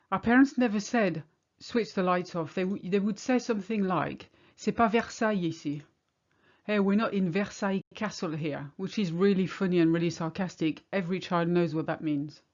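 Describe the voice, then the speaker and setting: A middle-aged woman from France speaks English with a French accent, her voice sitting a little low. She explains things in a wry, chatty way, like a teacher in a video lesson. The recording sounds a bit dull and muffled. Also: moderate pace, darkish tone. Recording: slightly muffled home recording.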